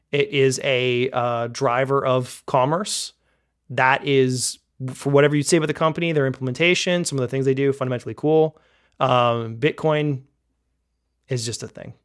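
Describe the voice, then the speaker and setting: A young man from Canada co-hosting a tech podcast, chatty and joking, poking fun at himself. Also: mid-range voice. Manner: chatty, joking, self-deprecating. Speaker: podcast co-host. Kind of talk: casual podcast chat.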